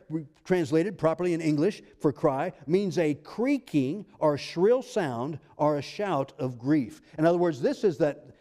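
A man preaching a sermon as pastor, reading scripture slowly and preaching emphatically. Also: on the high side, dark tone. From United States.

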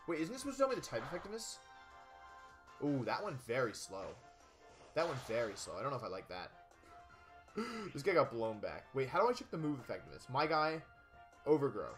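A young man giving casual, chatty commentary while playing a video game, excitable with jokey asides. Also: on the high side. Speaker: let's play gamer.

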